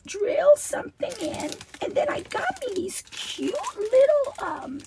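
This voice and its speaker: A woman hosting a casual craft unboxing vlog. Her voice is hoarse and raspy with a double-toned sound, and she gushes with many breathy half-whispered asides. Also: very high voice, sing-song, measured pace, recorded from a distance, background noise. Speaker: craft channel host.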